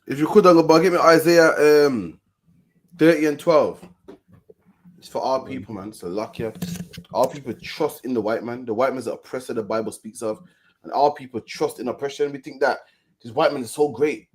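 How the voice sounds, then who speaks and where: In a mid-range voice at a moderate pace, a man preaches through casual street commentary. He's preachy, repeats himself, often ends lines with "man," and slips into mocking mimicry.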